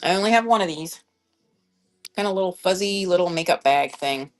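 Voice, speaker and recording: A woman's voice: lowish voice, expressive, brisk, faint music behind. Chatty woman selling live online. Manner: chatty, rambling, thinks aloud while checking sizes. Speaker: online reseller selling on a live shopping app. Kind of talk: casual live-stream selling chat.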